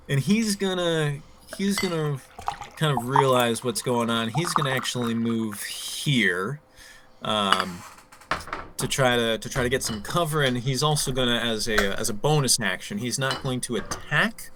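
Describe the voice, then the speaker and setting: A man's voice: mid-range voice, unhurried, background noise. A man narrating as game master, thinking aloud with frequent ums and counting out moves.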